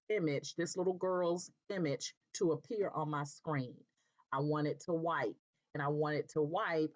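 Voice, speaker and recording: A woman with a notably low voice talks through a software tutorial, patient and methodical, pausing to check in with listeners. The recording sounds dull and lo-fi, like a basic desktop mic. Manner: patient step-by-step explaining, frequent "okay" checks. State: coughing now and then.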